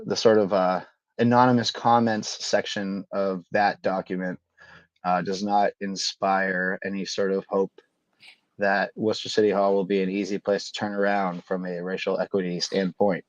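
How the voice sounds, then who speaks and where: A man's voice: on the low side, darkish tone, no echo, muffled recording. A man co-hosting a casual comedy podcast, trading sarcastic commentary and mock impressions. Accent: Massachusetts. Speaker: podcast co-host.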